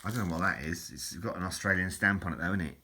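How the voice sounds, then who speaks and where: Older bloke rambling over old souvenirs, deep but bright voice, keeps saying innit, faint hiss behind. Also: male voice, quick pace. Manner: rambling, chuckling, tags "innit" and "mate". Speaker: vlogger.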